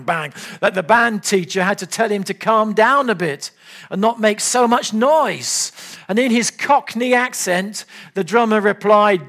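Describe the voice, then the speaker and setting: High-voiced preacher, earnest and emphatic. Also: male voice, measured pace. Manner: earnest, emphatic preaching that sinks to soft, low appeals. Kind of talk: sermon.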